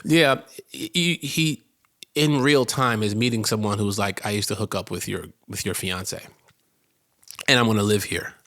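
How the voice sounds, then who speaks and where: A man co-hosting a casual rewatch podcast, recapping episodes, laughing often and jumping up in pitch to act out characters. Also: unhurried, sharp tone. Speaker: podcast co-host.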